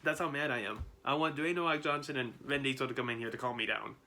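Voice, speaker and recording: A man's voice: mid-range voice, fast talker, sharp tone. A man in his twenties ranting to his viewers in a vlog, trying to hold back his anger as he rambles with many restarts. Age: 20s. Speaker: YouTuber.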